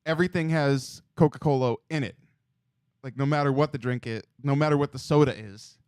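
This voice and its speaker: A man's voice: medium pitch, fairly quick, darkish tone, clear, resonant tone, dry recording, studio quality. A man co-hosting a casual sports talk show, chatting in easygoing banter. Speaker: radio co-host.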